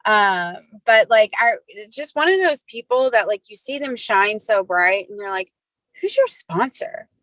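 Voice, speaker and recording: A woman's voice: medium pitch, lively intonation, moderate pace, few pauses, fairly bright tone, no room sound, rough recording. A woman hosting a podcast, introducing her guest in a chatty, gushing way full of fillers. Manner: chatty, gushing, many likes. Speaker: host.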